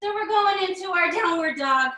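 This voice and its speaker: A woman leading a children's yoga lesson, animated and encouraging, with sing-song storybook chanting as she greets kids by name. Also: very high voice, moderate pace. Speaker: kids' yoga teacher.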